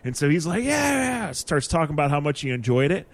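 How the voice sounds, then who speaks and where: A man co-hosting a podcast, telling a story in a casual, animated way and laughing easily. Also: fairly high pitch, fast. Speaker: podcast co-host.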